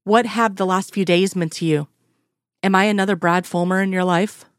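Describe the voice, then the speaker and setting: A woman reading the lines of a stern, guarded middle-aged man in a story, in a plain, measured way. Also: mid-range voice, steady tone, no room sound, clean studio sound, natural voice. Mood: pleading. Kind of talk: fan fiction read aloud.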